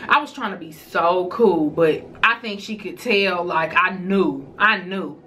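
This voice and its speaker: A woman vlogger telling a personal story to her viewers in a casual, animated way. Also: lowish voice, unhurried, slight background noise.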